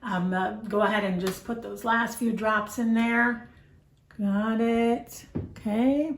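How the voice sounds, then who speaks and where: A woman kindergarten teacher speaking gently and coaxingly to young children, with a sing-song lilt. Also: a little high, fairly even intonation, takes it slowly, roomy sound. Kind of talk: teaching kids over video.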